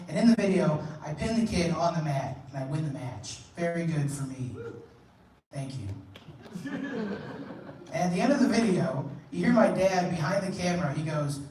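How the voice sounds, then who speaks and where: A man's voice: a little high, lively intonation, fairly quick, a little mellow, distant mic. A young man performing a stand-up comedy set on a club stage, telling crude conversational stories and acting out quotes. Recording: roomy live club recording, noisy. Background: audience laughter.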